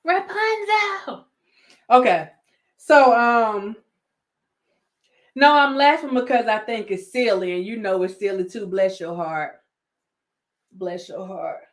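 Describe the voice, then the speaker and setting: A woman's voice: mid-range voice, slow, pauses often. A woman with a Southern American accent, hosting a casual commentary vlog, sassy and laughing often as she talks to her viewers. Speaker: YouTube commentary host.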